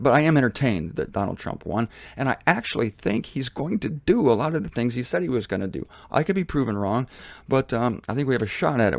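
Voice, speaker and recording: A man with a gravelly, fry-edged voice and a mid-range pitch talks straight into a front-facing camera in a laundry room, hosting his own show. He speaks emphatically and repeats himself, and his pitch leaps high when he mocks a view. The sound is dry and close. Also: dry recording. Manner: emphatic, repetitive, swings to high pitch on mocking lines. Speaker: show host. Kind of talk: casual opinion monologue.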